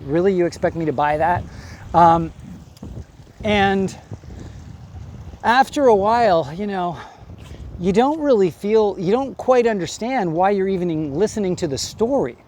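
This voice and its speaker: A man's voice: sits high, lively intonation, moderate pace, darkish tone, slight background noise. A man giving a casual, rambling movie review with lots of fillers and frequent laughs. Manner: rambling, chatty, laughs often. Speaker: movie reviewer and acting coach.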